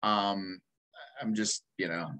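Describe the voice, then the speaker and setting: Sixty-something male co-host, mid-pitched, rambling and full of fillers. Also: fairly even intonation, takes it slowly, sharp tone, low-quality recording. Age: 60s. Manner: rambling, many ums and uhs, self-interrupting. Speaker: podcast co-host. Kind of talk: casual chat.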